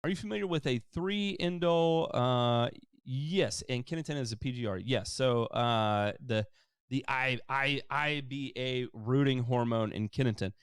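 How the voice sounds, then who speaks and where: A man's voice: medium pitch, measured pace, clean tone, no room sound. Man in a mid-range voice, loose and chatty live-stream host, dry close recording. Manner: relaxed, explanatory, many fillers. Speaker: lawn care show host answering viewer questions.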